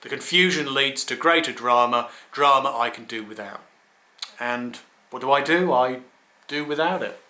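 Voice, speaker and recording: A man's voice: medium pitch, moderate pace, sharp tone. An English man from England talking in a rambling solo monologue, wry and blunt, swearing freely and restarting his sentences. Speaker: video blogger. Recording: echoey room.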